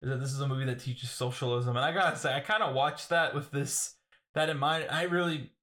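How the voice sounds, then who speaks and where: A man co-hosting a podcast, chatting casually about a film with an animated, jokey manner. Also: mid-range voice, a little fast. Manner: animated, jokey, acts out quotes. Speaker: podcast co-host. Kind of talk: casual movie discussion.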